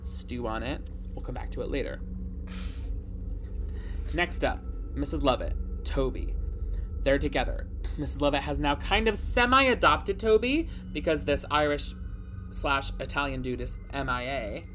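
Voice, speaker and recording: A storyteller giving an animated, jokey plot recap and swearing casually. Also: mid-range voice, measured pace, soft background music.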